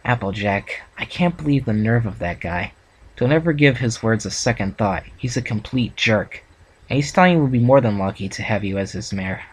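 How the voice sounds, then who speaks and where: A man voicing a male pony who is gently comforting a mare, read softly and reassuringly. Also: lowish voice, lively intonation, normal speed, slightly rough. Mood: tender. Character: tender male pony, comforting his crush.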